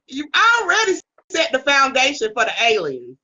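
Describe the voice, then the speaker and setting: Woman co-host, bright and animated, lo-fi remote audio, chatty and laughing. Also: high-pitched, measured pace, long pauses. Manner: laughs a lot, keeps asking "okay?". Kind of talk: casual commentary chat.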